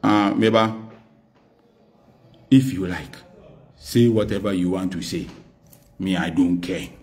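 A man's voice: sits low, steady tone, slow, a little mellow. A man with a Ghanaian accent in a loose, unscripted TV interview. His delivery is emphatic and defiant. He slips back and forth between English and Twi while making his points. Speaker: political guest.

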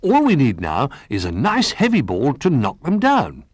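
A man putting on a small, eager toy bear boy with a high, bouncing voice that swoops up on every question. He sounds huskier than a child, and the storybook telling is dry and close. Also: moderate pace, dry recording. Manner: excited, apologetic, questioning.

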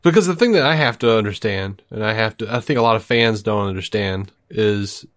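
A man's voice: fairly low pitch, animated, fairly quick. A man hosting a podcast in casual chat, laughing often and restarting his sentences. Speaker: podcast host.

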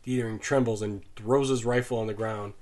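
A man reading a novel aloud as an audiobook narrator, measured and sinking low and soft in grim passages. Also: steady tone.

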